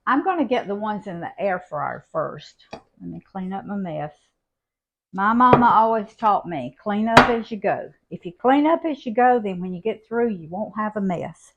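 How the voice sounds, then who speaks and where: A slow, easygoing older woman with a drawl walks through a recipe in her home kitchen. She talks in a folksy, homey way and never rushes her words. Her voice sits at an ordinary middle pitch. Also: creaky. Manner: folksy, unhurried, homey talk. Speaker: cooking channel host. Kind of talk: home cooking demonstration.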